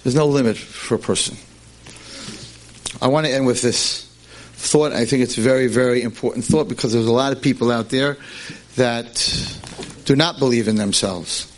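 A man teaching a class, telling a tale in an animated, emphatic way. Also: medium pitch, moderate pace, long pauses, slight background noise. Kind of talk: storytelling lecture.

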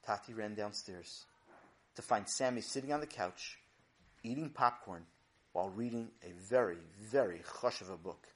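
A man's voice: lowish voice, moderate pace. A man narrating a children's story in a playful, dramatic way. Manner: animated, playful, dramatic build-ups.

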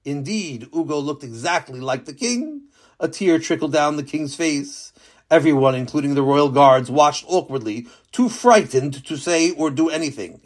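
A man narrating a children's story with a lesson at the end, lively and animated. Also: fairly high pitch, normal speed.

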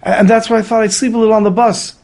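A man's voice: sits high, little pitch movement, racing, a little mellow, pitched above the performer's own voice. A man voicing an anxious middle-aged father who speaks in a pleading, apologetic way.

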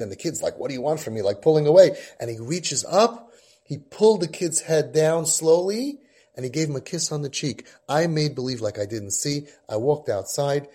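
A man's voice: mid-range voice, dark tone. A man hosting a parenting podcast, telling a long personal story with Yiddish and Hebrew terms. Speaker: podcast host and parenting guide. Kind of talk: storytelling talk.

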